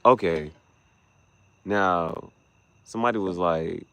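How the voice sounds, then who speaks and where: A man vlogging late at night, thinking out loud and trailing off into mutters and restarts. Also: extremely low pitch, lively intonation, measured pace, gravelly, pauses often. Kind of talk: late-night rambling vlog.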